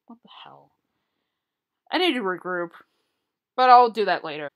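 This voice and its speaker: A woman's voice: medium pitch, bright, forceful tone. A woman giving blunt, opinionated solo commentary on a TV show, swearing freely. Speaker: TV commentary vlogger.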